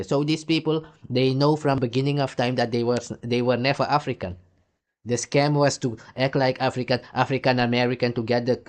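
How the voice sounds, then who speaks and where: A man's voice: medium pitch, darkish tone. A male commentator delivering a heated, profane rant between clips, firing off repeated rhetorical questions. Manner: angry, repetitive rhetorical questions.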